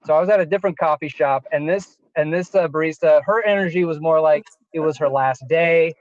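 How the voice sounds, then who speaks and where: A man's voice: on the high side, a little fast, no echo, muffled recording. A man performing a self-deprecating stand-up set, laughing at his own story now and then. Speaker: stand-up comedian.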